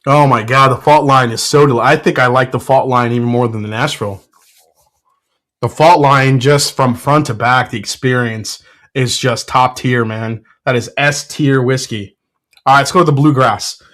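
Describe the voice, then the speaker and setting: Male host, casual tasting talk, gets fired up, mid-pitched, lots of ums. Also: moderate pace. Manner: excitable, blurts sports trash talk; frequent fillers and self-corrections. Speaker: whiskey reviewer, show host.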